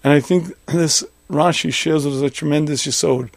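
Gravelly, emphatic rabbi giving a lecture. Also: male voice, on the high side, fairly even intonation, normal speed, no room sound. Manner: emphatic, repeats phrases, acts out imagined objections. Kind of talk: Torah lecture.

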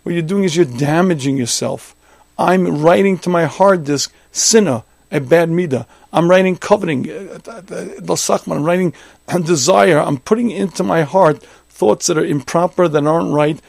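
Gravelly, emphatic rabbi giving a lecture. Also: male voice, on the high side, moderate pace, darkish tone, dry recording. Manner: emphatic, repeats phrases, acts out imagined objections. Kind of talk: Torah lecture.

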